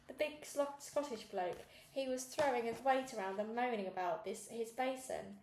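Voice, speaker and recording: A woman reading a children's novel aloud in a lively storytelling manner. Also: on the high side, moderate pace, hardly any pauses, roomy sound, a little hiss or hum, rough recording. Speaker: reader.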